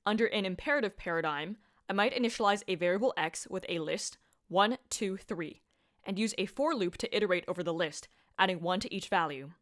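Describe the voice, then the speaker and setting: A woman's voice: mid-range voice, brisk, a bit bright. A woman lecturing on programming in a scripted voice-over, upbeat and playful with punchy asides. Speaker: computer science lecturer.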